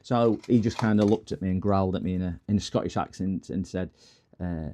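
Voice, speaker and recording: Gravelly, dark-voiced man. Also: sits low, fairly even intonation, moderate pace. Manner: rambling, stop-start storytelling with frequent laughs and restarts. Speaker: streamer doing repairs. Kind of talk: casual chat while working. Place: workbench at home.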